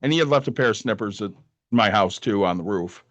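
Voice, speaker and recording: A man's voice: lowish voice, lively intonation, a little fast, fairly bright tone, dry recording. A man from Michigan co-hosting a podcast, telling a long casual story and quoting people along the way. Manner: tells long stories, quoting others with a laugh. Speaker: podcast co-host. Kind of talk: casual chat.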